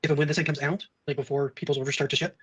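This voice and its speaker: Male guest, quick, husky, reasoned. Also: on the high side, little pitch movement, fairly bright tone. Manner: earnest, reasoned. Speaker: livestream guest. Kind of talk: casual livestream chat.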